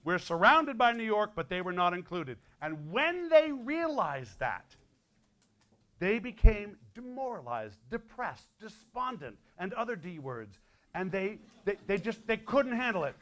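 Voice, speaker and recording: A man's voice: high-pitched, very animated, fairly bright tone. A man in his sixties from Connecticut, a folk musician joking and teasing his way through stage patter for a school audience. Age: 60s. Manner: playful, teasing, quick asides. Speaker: folk musician and guest performer. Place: school hall, live audience.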